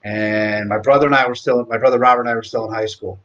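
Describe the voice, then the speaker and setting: A man's voice: mid-range voice, steady tone, quick pace, fairly bright tone, muffled recording. A man in his forties hosting a live stream, rambling through a heartfelt tribute and swearing freely. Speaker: host. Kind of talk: casual live-stream talk.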